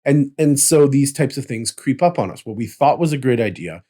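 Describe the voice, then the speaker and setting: A man's voice: medium pitch, expressive, normal speed, warm tone. A man co-hosting a casual chat about tabletop role-playing, explaining at length and checking in with "right?" as he goes. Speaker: podcast co-host.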